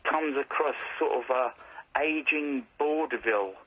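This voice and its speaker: A man calling in to a radio show, joking in a dry, deadpan way. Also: medium pitch, unhurried, breathy edge. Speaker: phone caller. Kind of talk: phone-in chat. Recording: muffled phone line.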